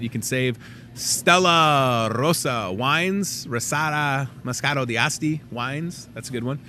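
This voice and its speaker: Male host, casual deal rundown, self-mocking jokes, bright forceful tone. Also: medium pitch, a little hiss or hum. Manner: goofy and chatty, jokes at himself. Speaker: host of a store talk show. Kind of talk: casual talk-show ad rundown.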